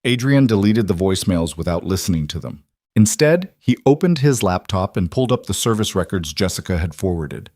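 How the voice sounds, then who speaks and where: Low, dry male story narrator. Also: expressive, brisk, a little mellow, no echo.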